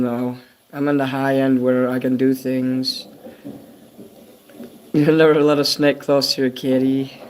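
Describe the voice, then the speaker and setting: A man's voice: medium pitch, slight background noise. An older man hosting a casual livestream, chatting in a meandering way, swearing freely and answering viewers' comments. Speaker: livestream host. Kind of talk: rambling livestream chat.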